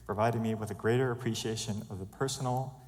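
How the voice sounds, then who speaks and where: A man giving an earnest, measured personal testimony at church, fighting back tears. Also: on the low side, steady tone, a little mellow. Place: church sanctuary. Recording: long church reverb.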